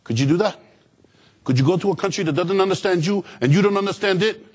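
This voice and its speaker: A man voicing his stern, sobered middle-aged Puerto Rican father, speaking low and gravely. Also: fast.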